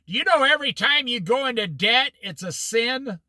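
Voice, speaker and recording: A man teaching a casual Bible study, animated and folksy, laughing at his own stories. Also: very high-pitched, moderate pace, no room sound.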